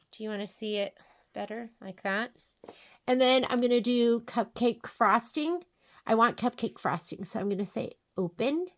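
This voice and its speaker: A woman with a slightly raised pitch leads a relaxed crafting lesson, narrating each click as she goes. She chats to herself and tosses friendly asides to the viewers while she works. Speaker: sewing and crafting instructor. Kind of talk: casual step-by-step software tutorial.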